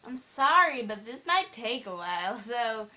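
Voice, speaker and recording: Over faint game music, a woman at her computer does let's play commentary on a horror game, playful, teasing and giggly. Her voice is a little high, sing-song, unhurried and sharp in tone, and the audio is poor.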